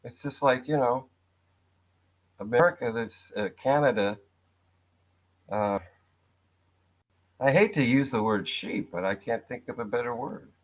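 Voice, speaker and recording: A wry, sarcastic man talking casually as a show guest, with a medium-pitched voice. His voice comes through a dull, lo-fi recording. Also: a little slow, pauses often. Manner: wry, sarcastic, laughs at his own jokes. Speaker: guest, actor and writer. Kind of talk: casual conversation. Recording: dull lo-fi sound.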